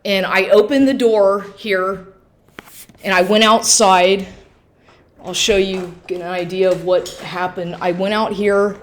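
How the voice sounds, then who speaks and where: A woman recording herself on a phone at home, telling an emotional personal story in an agitated, halting way with many restarts and swearing. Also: medium pitch, slight background noise. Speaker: vlogger. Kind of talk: emotional personal account to camera. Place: at home, inside and on the porch.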